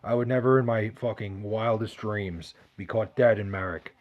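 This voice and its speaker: A man's voice: on the low side, steady tone, moderate pace, dull audio. A young man, chatting casually and profanely, rambling and restarting his sentences as he reads live chat. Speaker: podcast host reading live chat.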